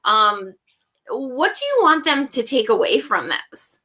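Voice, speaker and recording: Bright-voiced woman interviewer. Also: sits high, very animated, unhurried. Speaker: interview host.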